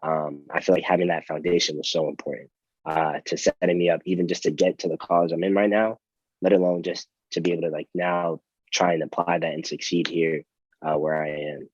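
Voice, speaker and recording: A young man, a college athlete, telling stories in a relaxed, rambling way with many fillers and restarts. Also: low voice, brisk, slightly rough, no room sound, highs cut off. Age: young adult. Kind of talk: casual storytelling interview.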